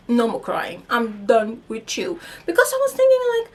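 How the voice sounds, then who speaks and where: Animated high-voiced young woman telling a story. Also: moderate pace, few pauses. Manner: animated, acts out quotes, swears, laughs. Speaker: storyteller vlogger. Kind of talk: casual storytime chat.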